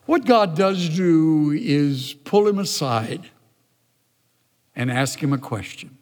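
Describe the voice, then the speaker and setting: Preacher, male, measured and theatrical, voice ringing through a large hall. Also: on the high side, lively intonation, a little mellow. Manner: deliberate, dramatic drops to near whisper. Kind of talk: sermon. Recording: long hall reverb.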